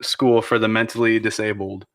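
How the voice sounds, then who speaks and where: A man's voice: lowish voice, flat delivery, moderate pace, a bit bright. A man co-hosting a podcast, telling stories in a casual, profane chat. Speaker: podcast co-host.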